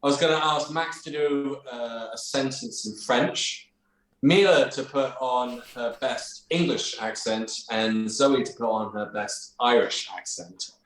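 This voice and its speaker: A man's voice: medium pitch, measured pace. A man hosting a casual panel chat, laughing often and swearing casually. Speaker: host. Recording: roomy echo.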